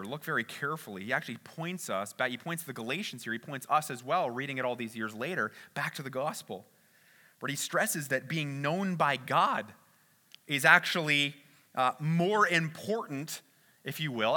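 Male pastor, high voice, very bright tone; casual, conversational sermon delivery with frequent restarts.

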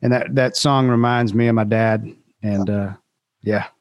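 A man's voice: fairly low pitch, steady tone, unhurried, no room sound, dull audio. A man, a musician guest telling a rambling story in a casual interview, with restarts and laughs.

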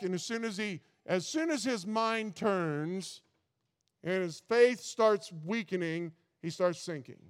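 A man's voice: sits high, smooth, big-room sound. A man preaching a sermon in a folksy, earnest way, often stumbling and repeating words.

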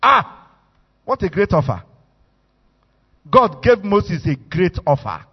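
Animated Nigerian preacher in an echoey hall. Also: male voice, sits high, a little slow, husky. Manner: animated, storytelling, acts out quotes. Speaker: bishop, preacher. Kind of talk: sermon. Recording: echoey hall, muffled sound.

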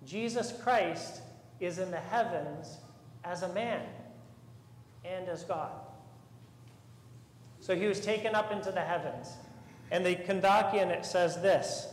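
A man's voice: high-pitched, takes it slowly, long pauses. A man, a priest, giving an earnest and emphatic sermon in a church. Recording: echoey church with long reverb, faint room noise.

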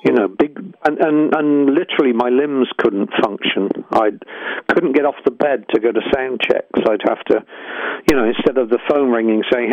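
A man's voice: medium pitch, moderate pace. A man, a musician telling his story in an interview, hesitant and searching with many restarts. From England. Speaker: musician guest. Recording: tinny phone-like line.

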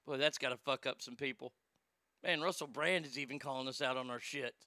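A man's voice: medium pitch, fairly quick, pushed and bright, no echo, clean studio sound. A man giving a casual commentary vlog in a sarcastic, profane, mocking manner.

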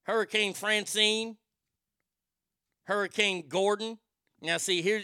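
A man with a gravelly edge and a bright, forceful tone rants with comic outrage, swearing freely. The sound is dry and close. He keeps up a host's patter between loud outbursts. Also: fairly high pitch, a little slow, long pauses, dry recording. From Texas. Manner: ranting, profane, mock outrage with loud outbursts. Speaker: radio show host. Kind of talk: comedic rant.

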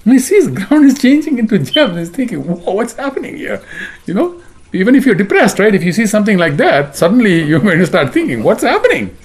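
A man with a high, sing-song voice talks fast while teaching a devotional scripture class. He retells the story chattily, constantly checking in with "right?" and "you know what I mean?"

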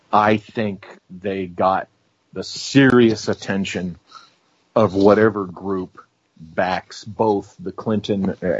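A man speaking as a guest on a radio talk show, measured and full of "um" and "you know" as he explains his views. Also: lowish voice, husky, no echo, highs cut off. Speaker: guest author and researcher.

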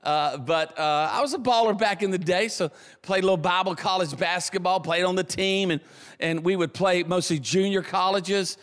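Animated Southern Louisiana preacher. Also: male voice, high-pitched, normal speed. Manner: animated, builds to excited shouts, repeats words. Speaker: guest preacher. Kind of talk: sermon storytelling. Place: church auditorium. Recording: reverberant church hall.

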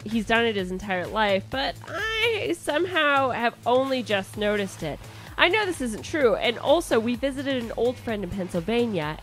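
A young woman with a Midwestern accent, co-hosting a comedy podcast and reading listener letters in a chatty, rambling way. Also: medium pitch. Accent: Midwestern American. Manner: chatty, rambling, frequent restarts and laughter. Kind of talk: casual comedy podcast chat.

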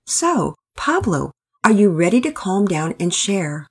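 A woman voicing a patient but firm father in a storybook, speaking calmly and steadily. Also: medium pitch, unhurried, breathy edge, full character voice.

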